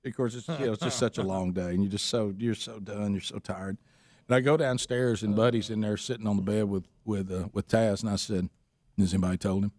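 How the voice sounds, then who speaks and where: A man's voice: lowish voice, fairly even intonation, a little fast, darkish tone, no room sound. A middle-aged man, co-hosting a radio show and telling a long teasing story full of restarts. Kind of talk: casual chat.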